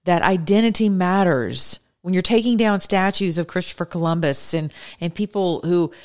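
A woman's voice: on the low side, normal speed, a little mellow. A woman hosting her own podcast, giving earnest, conversational religious commentary in a preacherly way. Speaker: podcast host.

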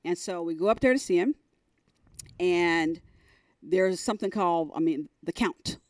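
Emphatic middle-aged woman, low dry voice. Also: moderate pace, no echo. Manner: emphatic, animated, voice climbs high when retelling. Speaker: sports team executive, podcast guest. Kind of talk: candid conversational storytelling.

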